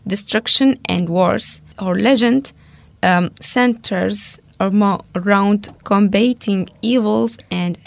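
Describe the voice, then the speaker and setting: A woman co-hosting a casual talk, reading researched notes aloud steadily and pausing over hard names. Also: medium pitch, creaky, no room sound.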